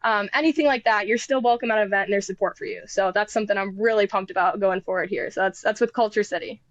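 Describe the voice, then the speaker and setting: A woman's voice: mid-range voice, fast talker, no echo, muffled recording. A woman guest on a podcast, eager and chatty, laughing easily. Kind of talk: casual podcast interview.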